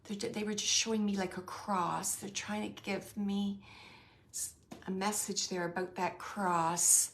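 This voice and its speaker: Soft-spoken woman giving a halting reading. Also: mid-range voice, flat delivery. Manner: halting, searching, relays messages with many fillers; gentle and reassuring. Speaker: psychic medium. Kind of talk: spirit reading for a sitter.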